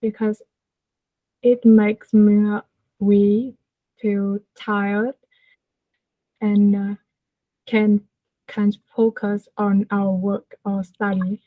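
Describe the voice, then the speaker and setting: A woman's voice: medium pitch, little pitch movement, drawn-out words, long pauses, no echo. Hesitant woman over a tinny line. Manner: hesitant, many fillers. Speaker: student. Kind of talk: hesitant practice answers. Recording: tinny phone-like call audio.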